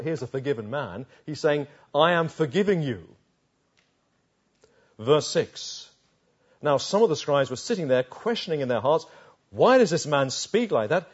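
A man's voice: a little high, darkish tone, slightly rough, highs cut off. A man preaching a sermon on a Bible passage, retelling it vividly and asking the listeners rhetorical questions.

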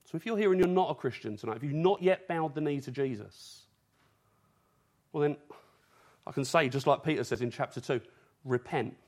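A man's voice: fairly high pitch, a little mellow. A man from England preaching an evening sermon in an earnest, urgent way, using rhetorical questions.

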